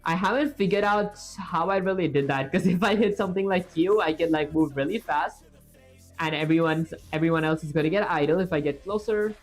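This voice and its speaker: A woman's voice: fairly low pitch, a little fast, soft background music. A woman live-streaming as she codes, talking casually to her viewers, rambling and reaching for words with fillers as she thinks aloud. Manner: chatty, rambling, with filler words and self-talk. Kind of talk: casual livestream commentary while coding. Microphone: streaming setup with webcam.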